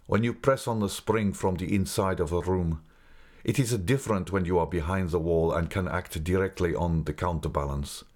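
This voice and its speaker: A man voicing a grave, secretive older male guide who speaks slowly and mournfully. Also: low-pitched, a little mellow. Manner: slow, measured, mournful.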